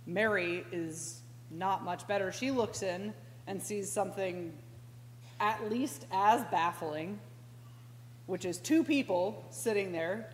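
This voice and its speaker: Slow, reflective woman preaching in an echoey church. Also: mid-range voice. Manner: slow and reflective, with sudden animated outbursts. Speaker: pastoral intern preaching. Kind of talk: conversational sermon. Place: church sanctuary. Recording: echoey church hall with faint hum.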